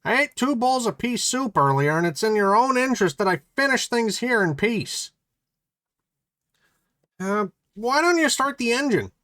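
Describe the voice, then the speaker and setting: A laid-back, wisecracking male pilot who shrugs off every complaint, put on by a man reading aloud. The voice sits clearly above the performer's own and bounces around a lot in pitch. The tone is breezy and cheeky, never in a hurry. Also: big pitch swings, moderate pace, a bit bright, no room sound, studio quality, heavily acted. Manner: breezy, unbothered and a little cheeky. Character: wisecracking male sleigh pilot who takes his time.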